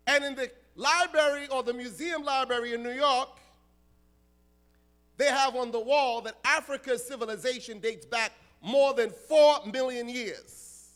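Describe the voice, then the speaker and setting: A man from the United States, an imam, preaching a sermon in an animated, humorous way and addressing the crowd directly. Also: extremely high pitch, a little slow.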